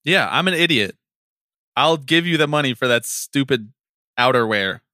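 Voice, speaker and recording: Guy ranting on a sports podcast, swears a lot, super lively pitch, dry close sound. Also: moderate pace, no echo. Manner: animated ranting, swears, laughs often. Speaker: podcast co-host. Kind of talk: casual sports chat.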